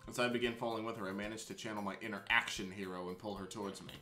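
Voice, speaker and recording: A young man streaming a visual novel game, reading it aloud with excitable asides, laughter and swearing. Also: lowish voice, very fast, soft background music. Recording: roomy echo.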